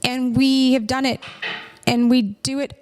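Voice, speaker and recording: A woman's voice: high voice, fairly even intonation, measured pace, darkish tone, slight background noise. A woman in her thirties hosting a coaching podcast, speaking earnestly and soothingly straight to her listeners. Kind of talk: heartfelt podcast chat.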